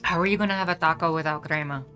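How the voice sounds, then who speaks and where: A woman's voice: low-pitched, rapid-fire, pushed and bright, faint music behind. A woman playing a snarky young cat woman.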